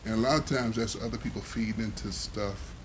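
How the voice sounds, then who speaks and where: A man's voice: on the low side, a little fast, noisy background. A man on a podcast giving emphatic, sermon-like advice and quoting the Bible in a casual talk. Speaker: podcast co-host. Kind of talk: preachy advice.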